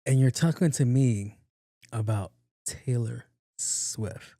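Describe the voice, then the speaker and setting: A man's voice: fairly low pitch, steady tone, unhurried, gravelly, dark tone, dry recording, clean studio sound. A man hosting a solo podcast, telling stories casually in slangy talk full of swearing and acted-out quotes. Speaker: podcast host.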